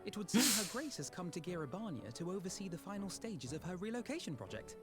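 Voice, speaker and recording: Young scholar, polite and eager, high and quick, refined diction. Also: male voice, big pitch swings. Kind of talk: video game dialogue acting. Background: loud game music.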